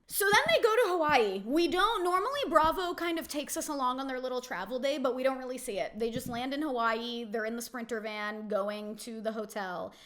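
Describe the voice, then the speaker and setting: A woman's voice: on the high side, fairly bright tone. A young woman hosting a casual reality TV recap, chatty and opinionated, peppering her talk with "like". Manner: chatty, opinionated, heavy use of "like".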